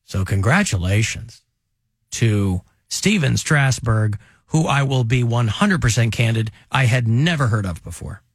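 A man's voice: medium pitch, expressive, a little slow, slightly rough, no echo. Wry, dry-sounding talk radio host man. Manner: wry, joking, rambling asides. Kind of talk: casual talk radio banter.

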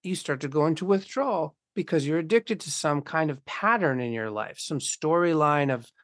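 A blunt, profane speaker riffs philosophically in casual conversation, slipping into imagined voices along the way. The voice sits at a middling pitch. The recording is dry and close, with no room sound. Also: dry recording.

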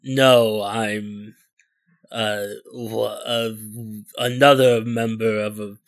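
A man's voice: fairly low pitch, fairly even intonation, drawn-out words, no echo. A man voicing Benicio, a nightling creature who talks back bluntly and flippantly.

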